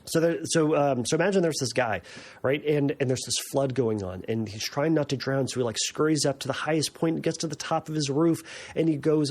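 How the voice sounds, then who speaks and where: Here a man with a fairly high, darkish voice hosts a podcast at a moderate pace. He explains things in a relaxed, conversational way, often using fillers and starting sentences over.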